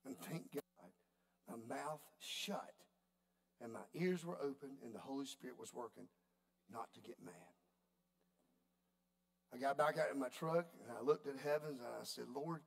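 A man preaching a sermon, telling a story in a folksy, animated way. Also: medium pitch, normal speed, creaky, pauses often. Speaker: pastor.

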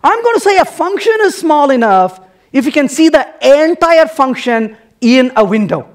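A man's voice: very high voice, very animated, moderate pace. A man giving a humorous technical talk to a live audience at a conference, playful and teasing, full of rhetorical questions. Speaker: conference speaker. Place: conference hall.

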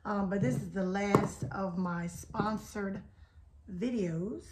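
A woman hosting a casual haul video, chatty and talking straight to her viewers, her voice a little hoarse today. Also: mid-range voice, slow pace, very noisy. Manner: chatty, keeps addressing viewers as y'all. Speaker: haul vlog host. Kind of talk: casual product haul chat.

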